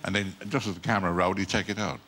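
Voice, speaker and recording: A man's voice: sits low, fairly even intonation, very fast, bright, forceful tone, a little hiss or hum. An older man, a guest actor on a TV talk show, telling wry anecdotes in a dry, chuckling way. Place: TV studio with live audience.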